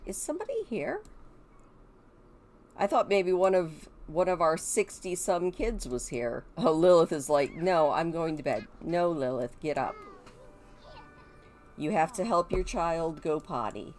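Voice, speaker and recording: A woman's voice: lowish voice, very animated, a little slow, long pauses, darkish tone. A middle-aged woman with a Midwestern American accent, chatting casually as she comments on a game and talks to her viewers. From Michigan, USA. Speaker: gaming video creator.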